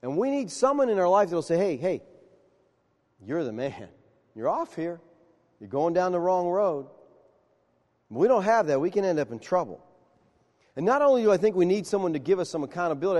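A man preaching a sermon, telling stories with animated acted-out dialogue. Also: sits high, brisk, pauses often, in a large hall. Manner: animated storytelling, acts out dialogue. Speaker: pastor.

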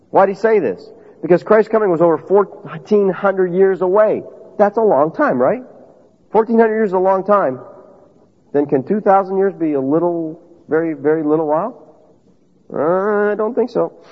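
A man's voice: high-pitched, moderate pace, breathy edge. A man preaching a sermon in an emphatic, conversational way, putting questions to his listeners. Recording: dull lo-fi audio with long reverb.

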